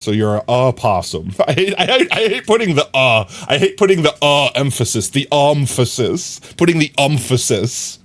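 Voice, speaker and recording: Male live streamer, mid pitch, animated, laughing, scattered casual chat. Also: normal speed, few pauses. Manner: rambling, laughing, reads chat aloud.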